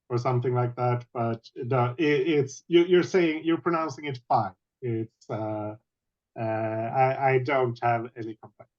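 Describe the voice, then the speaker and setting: Slow, hesitant man on a dull line. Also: mid-range voice. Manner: hesitant, many fillers and restarts. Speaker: player. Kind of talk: describing a character in a tabletop game.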